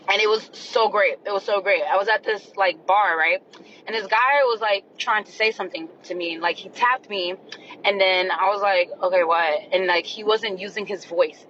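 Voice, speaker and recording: A woman telling a story to camera in a dramatic, animated, casual way. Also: medium pitch, highs cut off, slight background noise. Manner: animated, dramatic, shrieks in retelling.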